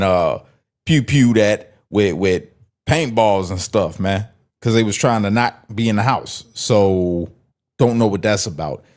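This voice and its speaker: Mocking, profane man talking back to a clip. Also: fairly low pitch. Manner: talks back to the clip in slangy street speech. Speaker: streamer reacting to a clip. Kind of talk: casual reaction commentary.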